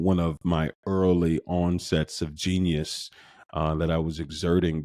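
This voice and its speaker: A man hosting a podcast, telling a personal story in an animated way, his voice lifting as he gets excited. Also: no echo, studio quality. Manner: animated, lifts his pitch when excited, frequent restarts. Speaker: podcast host.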